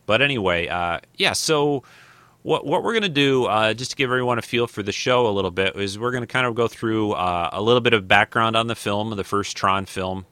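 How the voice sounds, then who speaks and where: A man's voice: on the low side, a little fast, sharp tone, smooth, no echo. A man in his fifties hosting a podcast in casual, rambling chat, full of restarts and fillers as he thinks aloud. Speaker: podcast host.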